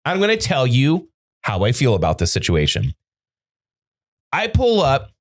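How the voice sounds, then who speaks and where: Speaking a little slowly in a mid-range voice, this male podcaster recounts a story in casual studio conversation. His telling is profane and animated, with acted-out quotes.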